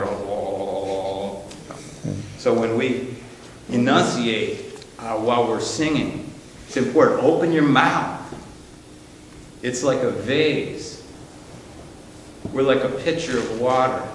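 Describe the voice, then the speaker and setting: A man's voice: medium pitch, a little hiss or hum. A man presenting a live seminar to a music ministry team, talking in a folksy, storytelling way with many fillers and restarts. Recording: roomy live hall recording with reverb.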